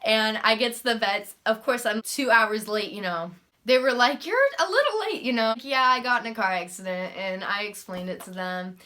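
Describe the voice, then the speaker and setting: Bright-voiced young woman telling a story. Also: medium pitch, normal speed. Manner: animated, profane, sarcastic storytelling. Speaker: vlogger. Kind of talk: casual storytime monologue.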